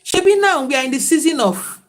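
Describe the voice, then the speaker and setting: A woman's voice: high voice, expressive, a little fast. A woman, talking casually and reflectively to viewers on a livestream, in a preachy tone. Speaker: livestream host.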